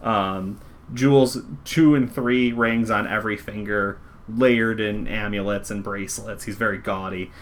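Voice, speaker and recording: A man's voice: fairly low pitch, fairly even intonation, unhurried. A man narrating a tabletop game as game master in a casual, rambling way. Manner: casual, filler-heavy, conversational.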